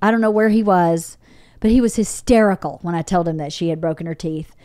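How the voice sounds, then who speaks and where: A middle-aged woman chatting on her podcast, full of lively storytelling energy. She acts out the people in her anecdotes and swears freely. The sound is close and dry, with no room around it. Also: on the low side, brisk, no room sound. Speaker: podcast host. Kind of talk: casual chat, storytelling.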